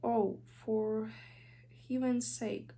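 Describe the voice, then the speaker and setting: A woman's voice: on the high side, steady tone, a little slow, vocal fry, warm tone. A woman with a Ukrainian accent reading a righteous, impatient teenage witch who lectures severely. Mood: stern.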